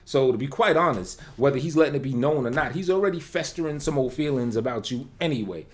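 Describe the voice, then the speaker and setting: A man hosting his channel, answering a clip in relaxed, conversational and dismissive commentary. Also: mid-range voice, fast talker. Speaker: channel host replying to a clip. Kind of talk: casual reaction commentary.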